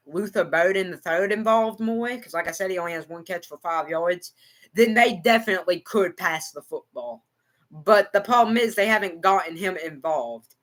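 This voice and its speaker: A man's voice: high-pitched, a bit bright. A man with an American country accent giving rambling, repetitive live football reaction and talking to his chat. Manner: rambling, repeats himself, talks to chat. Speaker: livestream sports reactor.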